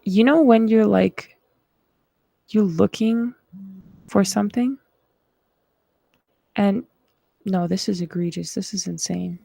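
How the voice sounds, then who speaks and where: A woman's voice: mid-range voice, takes it slowly, gravelly, long pauses, mellow, breathy edge, no room sound. A woman hosting a live stream, chatting casually and rambling with lots of fillers as she searches for things. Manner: frustrated, rambling, many fillers.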